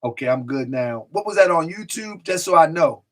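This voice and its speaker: His voice runs on the high side, expressive and a bit bright, at a moderate pace. The man is hosting a live stream and chatting casually, reading comments out to chat, repeating himself frequently, and drifting off mic.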